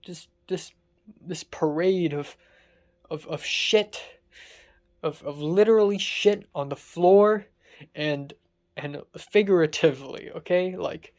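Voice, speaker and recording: A young adult vlogger, pouring out an exasperated, sarcastic rant full of swearing. The voice sits at an ordinary middle pitch and sounds distressed and worn down. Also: slow pace, a little mellow. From Hong Kong. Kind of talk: casual confessional vlog rant.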